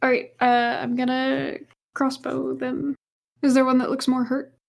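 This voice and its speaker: Brief: high-pitched woman player, giggly and easily amused. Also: monotone, measured pace, creaky. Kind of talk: playing a tabletop game.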